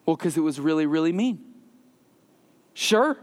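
High-voiced man preaching, slow and deliberate. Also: lively intonation, big-room sound. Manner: conversational preaching, slows and drops his voice for emphasis. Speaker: pastor. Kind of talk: sermon. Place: church sanctuary.

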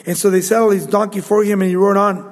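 A man's voice: high-pitched, steady tone, fast, big-room sound. A man teaching from the Bible, reading verses aloud and breaking off to comment with emphatic proclamation. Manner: reads scripture aloud then comments, rising to emphatic proclamation. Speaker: preacher.

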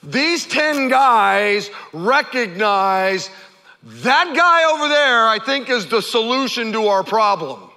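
A male pastor preaching an animated sermon, stammering over repeated words and pausing for effect. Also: extremely high pitch. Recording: long hall reverb.

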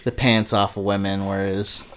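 A man on a podcast speaking in casual chat, hesitant and measured, often restarting his sentences. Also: lowish voice, flat delivery, a bit bright, smooth.

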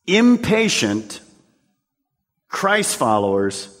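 A man preaching a sermon as pastor, animated, calling out to his congregation. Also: on the high side, very slow, in a large hall. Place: church sanctuary.

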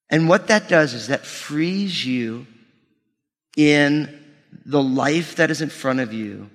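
A man preaching a sermon, animated and joking with the congregation, swinging from shouts down to near whispers. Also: on the high side, slow pace, big-room sound. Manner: humorous asides to the congregation. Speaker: pastor.

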